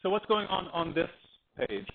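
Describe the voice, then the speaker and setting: A male teacher giving an animated, digressive classroom lecture, acting out little anecdotes along the way. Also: high-pitched, normal speed, vocal fry, slightly rough. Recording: tinny phone-like lecture recording.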